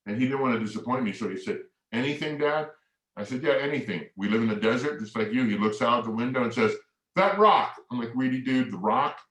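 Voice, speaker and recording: A man's voice: mid-range voice, quick pace. A middle-aged man gives a keynote talk in storytelling style, acting out both sides of remembered conversations. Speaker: keynote speaker. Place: large hall. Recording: echoey hall, mic far off.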